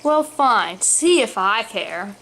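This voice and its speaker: A woman's voice: fairly high pitch, expressive, slow, fairly bright tone, a little hiss or hum. A woman reading a story aloud and voicing a sarcastic young man who mocks his father. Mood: teasing. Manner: teasing, sarcastic. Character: mocking young adult son, laughing at his dad.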